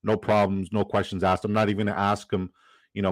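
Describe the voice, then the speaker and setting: A man's voice: lowish voice, fairly even intonation, fast, no room sound, poor audio. Upbeat man hosting a livestream. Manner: upbeat, jokey, reads chat aloud. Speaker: fantasy football livestream host. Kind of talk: casual livestream chat.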